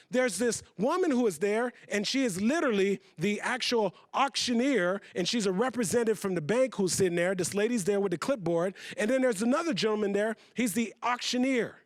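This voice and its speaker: A man on stage tells a story to an audience, building energy with repeated phrases. His voice is high for a man and the sound is dry and close on a stage mic. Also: no echo. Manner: animated storyteller, repeats for emphasis. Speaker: keynote speaker. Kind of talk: storytelling keynote talk. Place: event stage.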